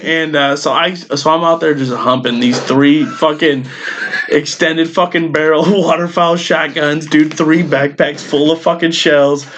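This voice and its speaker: A man's voice: fairly high pitch, unhurried, slight background noise. A man co-hosting a podcast, telling a story in casual chat, swearing often and acting out what others said. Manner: animated storyteller, swears often, acts out quotes. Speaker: podcast co-host.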